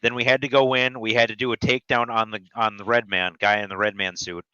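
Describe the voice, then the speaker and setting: A man's voice: mid-range voice, little pitch movement, fast, pushed and bright, clean tone, dry recording. A middle-aged man who trained in law enforcement, telling army and police stories in a matter-of-fact, casual way. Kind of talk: casual profane chat. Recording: dry dull lo-fi sound.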